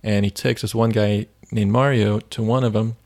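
A man's voice: fairly low pitch, fairly even intonation, moderate pace, creaky, a little mellow. A man co-hosting a faith podcast, chatting casually and retelling stories with many fillers. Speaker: podcast co-host.

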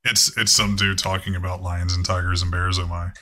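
A man's voice: low-pitched, little pitch movement, fairly quick, sharp tone. A man voicing a confused, rambling older man who stammers and talks ponderously.

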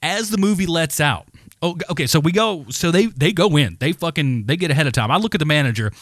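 A man co-hosting a podcast, telling a story in a casual, animated, heavily profane rant. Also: on the high side, fast, dry recording, studio quality. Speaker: podcast co-host.

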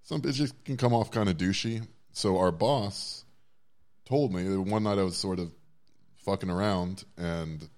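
A man with a very deep voice co-hosts a casual podcast. He talks in long, winding stretches, swears freely and makes fun of himself. His delivery stays loose and chatty. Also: a little slow, a little mellow. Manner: wordy, profane, self-deprecating. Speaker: podcast co-host. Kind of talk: casual chat.

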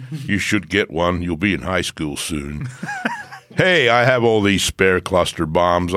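A man's voice: low voice, fairly bright tone, no room sound, voice pushed down. A man doing a rambling, mumbling old American president.

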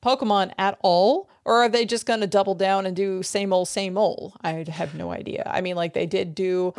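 A woman's voice: medium pitch, steady tone, moderate pace, a little mellow, no echo. Chatty woman podcaster, dry close sound. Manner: rambling, many "like" fillers. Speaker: podcast co-host. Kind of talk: casual chat.

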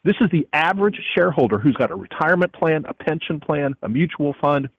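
A male economist on a radio call, his voice husky and a bit high. He talks in an emphatic, indignant way, pressing his points hard. The sound comes through a muffled lo-fi line with a dry, close feel. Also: expressive, quick pace, no echo. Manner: emphatic, indignant, repeats the host's name. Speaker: economist guest. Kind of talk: radio interview. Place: airport, calling in while traveling.

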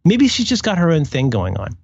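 A man's voice: fairly high pitch, wildly swooping pitch, brisk, vocal fry, darkish tone, husky, dry recording, lo-fi sound. A man hosting a podcast, musing in casual chat with wry asides and self-corrections. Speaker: podcast host.

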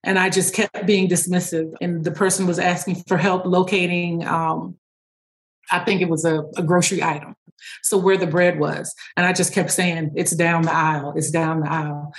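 A woman speech-language pathologist, a guest in an interview, explaining her therapy methods. She tells stories in an animated way and laughs often. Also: fairly low pitch, normal speed, poor audio.

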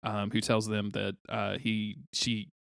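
Man, low gravelly voice, podcast co-host, laid-back comic recap, dry close sound. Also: monotone, takes it slowly, fairly bright tone, no room sound. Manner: laid-back, many "um" fillers, laughs often. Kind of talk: casual comic book recap chat.

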